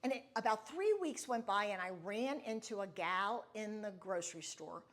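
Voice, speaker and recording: A middle-aged woman talks straight to her listeners as a podcast host, telling a personal story. Her voice is mid-pitched, and her manner is candid and confiding. She stays reflective throughout. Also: lively intonation, moderate pace, a bit bright.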